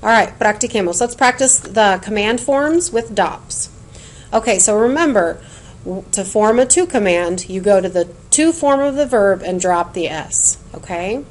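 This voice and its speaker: A woman teaching Spanish in a recorded lesson, explaining clearly and patiently and chanting word lists in a sing-song rhythm. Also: mid-range voice, animated, a little slow.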